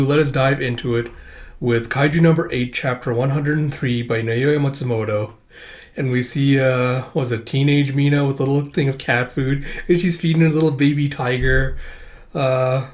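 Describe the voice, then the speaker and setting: A man talks his way through a comic read-through in a loose, rambling style full of fillers and offhand swearing. His voice sits at an ordinary mid pitch for a man. He comes across as casual and unpolished. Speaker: manga read-through channel host. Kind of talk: casual reading commentary.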